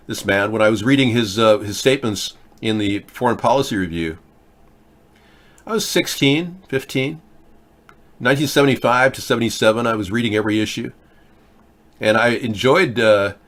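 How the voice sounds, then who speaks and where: Fairly low in pitch but fairly bright in tone, this man in his fifties hosts a political chat show. His casual commentary wanders, broken up by frequent hesitations and restarts.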